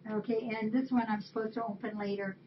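A woman chats casually on a webcam stream, reading holiday cards aloud and thanking viewers one by one. The audio is dull and lo-fi. Faint background noise sits under her mid-pitched voice. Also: level tone, fast talker. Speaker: shelter webcam host.

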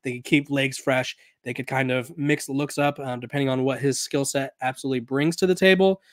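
A man's voice: medium pitch, fairly even intonation, a little fast, no echo, studio quality. A man hosting a sports podcast in a casual, conversational way, often restarting and correcting himself, while he has the hiccups. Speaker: podcast host.

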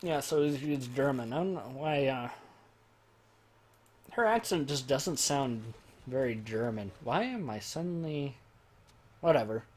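A man giving jokey gameplay commentary, swinging from loud excited outbursts to quiet muttering. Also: mid-range voice, measured pace, long pauses. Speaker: let's play gamer.

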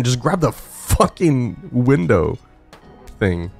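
Guy streaming a game, kinda low voice that jumps all over, swears a lot, close studio mic, soft music under it. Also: animated, moderate pace. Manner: frantic, swearing, laughing at himself. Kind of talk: live gameplay commentary. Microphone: studio dynamic microphone.

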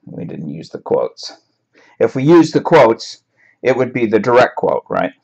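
A man's voice: medium pitch, big pitch swings, unhurried, creaky, a little mellow. A man teaching a writing class in a chatty, wry way, laughing now and then at his examples. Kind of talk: classroom lecture on paraphrasing. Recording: dull lo-fi recording.

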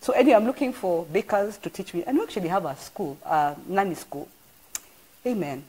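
Husky, low-pitched woman pastor; expressive, storytelling sermon delivery. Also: brisk. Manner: animated storyteller with exclamations. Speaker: church apostle. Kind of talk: informal live-streamed sermon.

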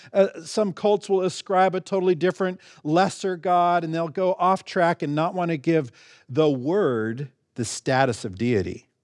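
A middle-aged man preaching a sermon in a slightly high voice, leaning hard on key words and leaping up in pitch for emphasis. He talks in an easy, conversational way, with restarts and quick asides. The sound is dry and close, with little room in it. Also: a little mellow, no room sound. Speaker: pastor. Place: church sanctuary.

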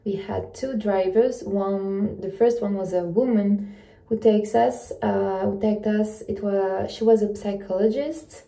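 Dark-voiced woman vlogging, slow and halting. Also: medium pitch, fairly even intonation, creaky. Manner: chatty, slightly halting with restarts. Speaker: travel vlogger. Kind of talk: casual vlog narration.

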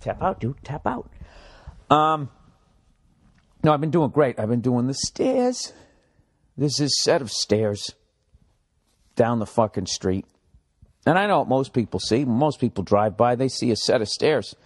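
A man's voice: medium pitch, sing-song, moderate pace. A man hosting his own podcast alone, talking in a profane, rambling, sarcastic way. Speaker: podcast host. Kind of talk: casual solo podcast monologue.

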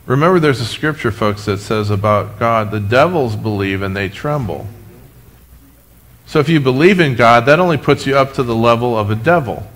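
A man preaching a sermon as pastor, animated, with humorous asides, speaking to his congregation and online viewers. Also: medium pitch, moderate pace. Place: church sanctuary, recorded for live stream.

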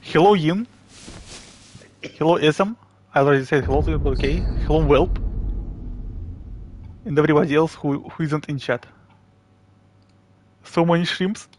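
A man with a Russian accent chatting casually and haltingly with viewers while streaming a game. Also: on the high side, a little hiss or hum. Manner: chatty, halting, reads chat aloud and laughs often. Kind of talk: live game stream chat.

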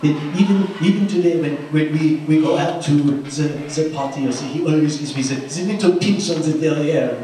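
A man doing a petite, very proper elderly French lady with a soft French accent, pausing and restarting as she reminisces. Her voice dips low and quiet, and it carries the echo of a big room picked up from afar with faint noise underneath. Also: close to an everyday voice. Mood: fond. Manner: halting, gentle French-accented storytelling. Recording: echoey room, distant mic, faint noise.

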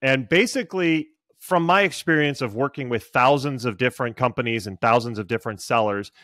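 A man's voice: medium pitch, fairly quick, a bit bright, no echo, clean studio sound. A middle-aged man, a sales coach, giving advice in a podcast interview and acting out buyers' lines with lots of energy.

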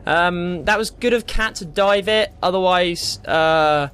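A man's voice: high-pitched, takes it slowly. Sweary man ranting over gameplay. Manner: ranting, swears a lot, excitable. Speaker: gamer. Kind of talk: live gameplay commentary.

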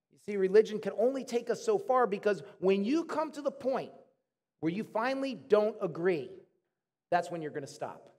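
A man preaching a sermon as a pastor, animated, acting out quoted arguments in a raised voice. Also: high voice. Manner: animated, acts out arguing with God in raised voice. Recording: long hall reverb.

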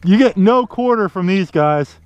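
A man filming himself bass fishing from a boat outdoors, cheering on every catch with casual commentary. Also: normal speed, clear, resonant tone, muffled recording. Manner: excited, cheers on fish with stock phrases. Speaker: fishing vlogger.

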